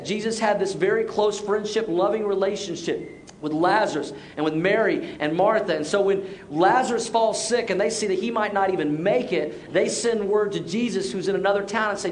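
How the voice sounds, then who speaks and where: A middle-aged man preaching a sermon, telling stories with restarts and dropping soft and low for serious points. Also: normal speed, slight background noise. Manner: storytelling, repeats words as he restarts. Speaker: pastor.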